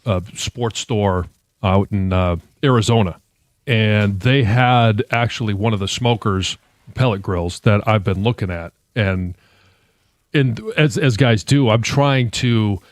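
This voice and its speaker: A man's voice: fairly low pitch, unhurried, no echo. Rambling male radio co-host, dry studio sound. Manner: rambling, restarts and self-corrections. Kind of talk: casual sports radio banter.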